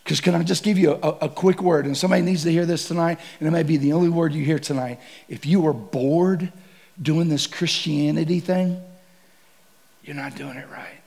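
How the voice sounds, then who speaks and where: A man preaching to a men's gathering, telling a comic safari story with bursts of shouting and laughter. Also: fairly high pitch, fairly quick, creaky. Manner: animated, shouts and laughs through stories. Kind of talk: comedic sermon storytelling.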